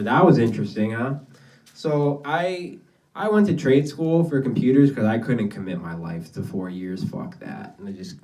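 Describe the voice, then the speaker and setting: The mic sits distant from this young man's medium-pitched voice as he performs his debut stand-up set in a small basement space, casually spinning rambling, profane tales.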